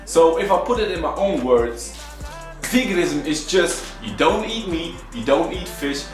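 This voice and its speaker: A young man vlogs in an earnest, rambling way, stumbling through fillers as he explains. His voice sits a bit high for a man and sounds roomy and set back from the mic, with faint music underneath. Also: expressive, measured pace, recorded from a distance. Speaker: vlogger. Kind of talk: casual chat. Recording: echoey room, off-mic, faint background music.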